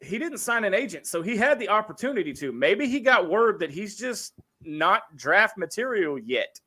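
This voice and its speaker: A man hosting a casual sports podcast, jokey and animated as he reads out fan feedback. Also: sits high, moderate pace. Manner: animated, jokey, hands off between topics.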